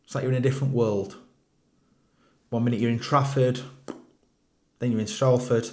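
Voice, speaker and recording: A man's voice: medium pitch, steady tone, normal speed. Wry man. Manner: wry, jokey delivery with sudden quiet asides. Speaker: presenter. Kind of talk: scripted explainer monologue.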